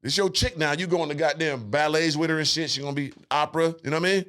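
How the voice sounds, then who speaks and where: A man's voice: a little high, fast, a bit bright. A young man, hosting a crude, joking podcast chat. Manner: joking, profane, puts on silly voices. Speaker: podcast host. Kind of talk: crude casual banter.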